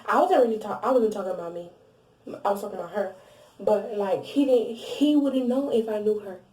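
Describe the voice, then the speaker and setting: A young woman with a mellow, darker voice tells a story straight to camera, blunt and animated, cursing freely and circling back over her own sentences. She sits a little back from the mic, so her voice carries a roomy echo. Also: mid-range voice, a little fast, recorded from a distance. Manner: animated and blunt, heavy swearing, frequent restarts and asides. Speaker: vlogger. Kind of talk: casual storytime monologue.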